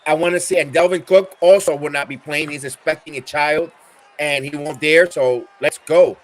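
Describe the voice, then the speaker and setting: Excitable Bronx-accented man hosting a fan stream. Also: on the high side, normal speed. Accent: Bronx New York. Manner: excitable, chatty fan talk with trash talk. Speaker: podcast host. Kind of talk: live watch-along sports commentary.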